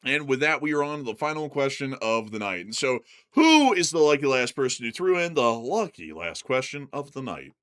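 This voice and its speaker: A man co-hosting a casual livestream, answering viewer questions in a relaxed way with filler ums. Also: medium pitch, moderate pace. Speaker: co-host.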